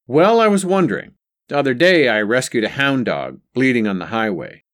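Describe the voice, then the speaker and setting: A man's voice: medium pitch, big pitch swings, moderate pace, a bit bright, voice pushed up. A man voicing a coaxing grown son. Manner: coaxing, hesitant. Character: eager adult son, pleading, hesitant.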